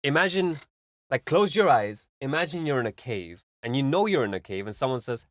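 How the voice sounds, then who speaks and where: A man's voice: medium pitch, sing-song, brisk, no room sound, studio quality. A man hosting a live stream, giving casual, rambling music feedback full of fillers and vivid analogies.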